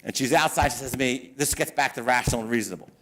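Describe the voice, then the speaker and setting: A middle-aged man, an attorney, giving a seminar talk to business owners and telling lively stories with acted-out quotes. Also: medium pitch, rapid-fire.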